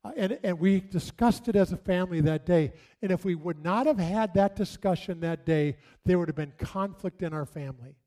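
A man's voice: high voice, moderate pace, few pauses, warm tone. A man telling a story to an audience, acting out his mother's lines, often repeating himself.

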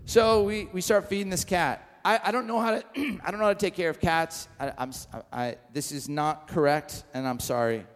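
A male pastor with a notably high voice preaches in a large hall, where his words trail off in a long reverb. He tells stories with self-deprecating humor and acts out the dialogue before turning to his message. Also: normal speed, few pauses. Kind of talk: sermon with storytelling.

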